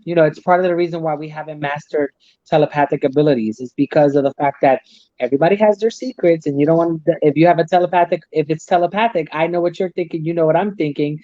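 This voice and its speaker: Man explaining at length, slightly high voice. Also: quick pace, warm tone, no echo. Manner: rambling, restarts, explanatory. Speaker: guest, Chinese medicine practitioner. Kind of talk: casual talk show conversation. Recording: dull dry audio.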